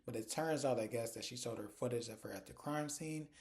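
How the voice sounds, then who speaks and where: A man casually recapping a TV drama episode in a chatty, animated way, retelling scenes through quoted dialogue. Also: mid-range voice, fairly quick. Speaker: TV episode reviewer.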